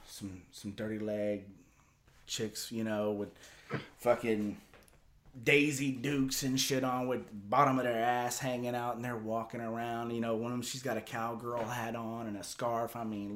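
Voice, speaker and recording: Profane rambling man telling a story. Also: fairly low pitch. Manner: rambling, profane, lots of fillers like "you know". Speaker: podcast host telling a story. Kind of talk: casual storytelling.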